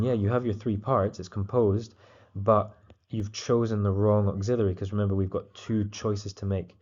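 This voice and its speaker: Relaxed man explaining a lesson, muffled. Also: lowish voice. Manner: relaxed, explanatory, with frequent fillers. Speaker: French teacher. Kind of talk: exam tutorial explanation.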